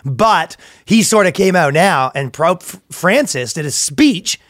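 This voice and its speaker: A man's voice: fairly high pitch, lively intonation, a little slow, a bit bright, no echo, clean studio sound. A man co-hosting a comedy podcast in casual chat, joking and laughing often. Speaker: podcast co-host.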